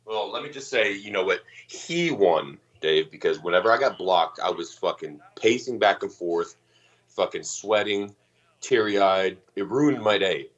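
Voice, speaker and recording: A man from Texas tells stories in a casual, profane ramble on a podcast. His low voice swings widely in pitch. The recording sounds dull and lo-fi. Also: lively intonation, unhurried, a bit bright, dry recording. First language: not English.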